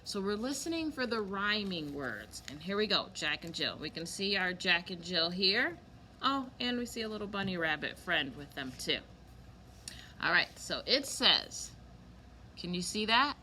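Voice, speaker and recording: A young woman teaches a recorded kindergarten lesson, drawing her words out slowly for little listeners. Her voice is bright and forward, and a faint background noise sits under it. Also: mid-range voice, animated. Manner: slow, clear and encouraging, stretching words for small children.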